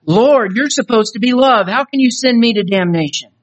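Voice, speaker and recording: A man's voice: extremely high pitch, moderate pace, pitched above the performer's own voice. A man voicing a young man who has just died, begging tearfully and stammering to be let into heaven. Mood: desperate pleading. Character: young man newly dead, desperately pleading at heaven's gate.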